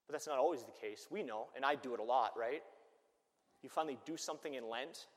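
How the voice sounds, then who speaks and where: A male priest delivers a sermon in a church, with a voice of middling pitch. He tells animated stories. A long reverb trails behind every phrase. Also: brisk. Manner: animated storytelling that acts out the people it quotes. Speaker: Catholic priest.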